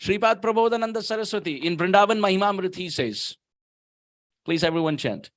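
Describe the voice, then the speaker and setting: A man preaches at a temple in a high, ringing voice. He tells stories with emphasis and slows right down to chant verses. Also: lively intonation. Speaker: guest speaker at temple. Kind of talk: sermon.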